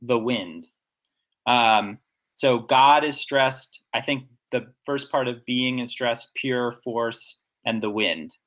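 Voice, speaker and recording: A man's voice: medium pitch, slow, a bit bright. A man co-hosting a podcast in a casual discussion, explaining things in an enthusiastic, nerdy, analytical way. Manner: enthusiastic, nerdy, analytical, talks through examples. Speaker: podcast co-host.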